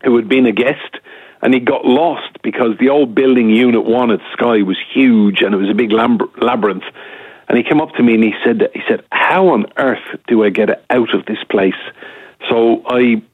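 Husky man in his fifties on a phone line. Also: mid-range voice, moderate pace, no echo. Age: 50s. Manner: chatty, anecdotal. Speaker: news reporter and anchor, guest. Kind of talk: casual storytelling on radio.

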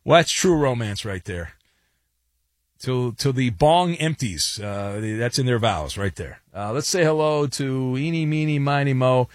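A man's voice: medium pitch, animated, a little slow, no echo, studio quality. A man hosting a sports talk radio show, chatty and joking with a sarcastic edge. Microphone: studio mic.

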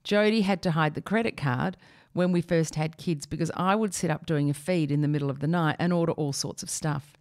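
A woman with a slightly low voice reads a humorous column aloud. Her delivery is wry and expressive, leaning playfully on the jokes. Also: fairly quick. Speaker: reader. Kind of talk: reading a humorous opinion piece aloud.

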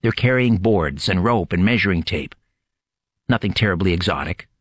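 A man hosting a late-night radio show, opening with dramatic, measured storytelling narration. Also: low voice, expressive, no room sound, studio quality.

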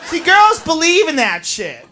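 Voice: extremely high pitch, huge pitch swings, measured pace, sharp tone, a faint crowd. A stand-up comedian doing a crude, swearing routine, recorded live with an audience. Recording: live club stage, audience noise.

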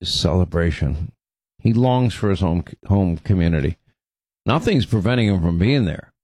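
A man's voice: low voice, lively intonation, moderate pace, a little mellow, breathy edge, no room sound. Sarcastic male commentary host, dry sound. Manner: sarcastic, conversational. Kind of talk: political commentary.

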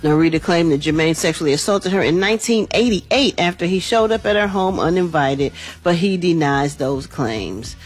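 A woman's voice: on the low side, moderate pace, few pauses, husky. A woman hosting a morning radio entertainment news segment, chatty and slangy, talking to listeners as y'all.

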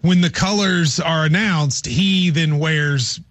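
A man's voice: on the high side, takes it slowly, a bit bright, no echo. A man co-hosting a sports radio show who teaches law, explaining at length with joking asides. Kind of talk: casual sports radio chat.

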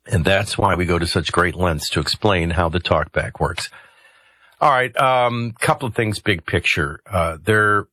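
A man's voice: deep voice, pushed and bright, breathy edge, no room sound. A man hosting a talk radio show, commenting conversationally with rambling asides and hesitations into a studio microphone.

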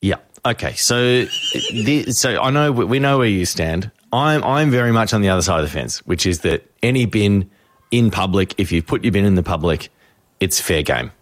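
A man's voice: fairly low pitch, normal speed, dry recording. A man, a radio host telling a story in casual chat and acting out voices. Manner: animated storyteller, acts out voices.

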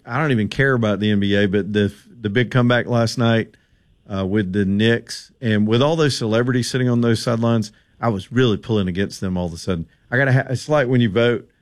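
A man hosting a radio call-in show, joking and bantering with callers. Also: lowish voice. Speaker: radio talk show host. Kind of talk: casual call-in radio chat.

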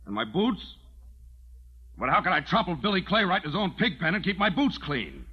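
A blustering, short-tempered rancher rants and bellows in a husky, high voice that leaps all over the place. The sound is dull and lo-fi, like an old film soundtrack. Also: male voice, huge pitch swings, brisk, exaggerated voice. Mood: sheepish. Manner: ranting, bellowing complaints.

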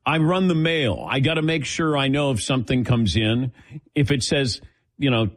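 A man's voice: mid-range voice, normal speed. A man hosting a sports talk show in a studio, teasing his crew in casual banter and laughing often. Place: radio studio.

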